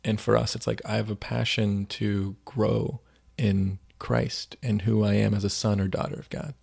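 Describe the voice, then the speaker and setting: A man's voice: fairly low pitch, level tone, normal speed, gravelly, darkish tone, slightly rough. A man co-hosting a faith podcast, retelling stories in a rambling, casual way with lots of "like.". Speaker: podcast co-host.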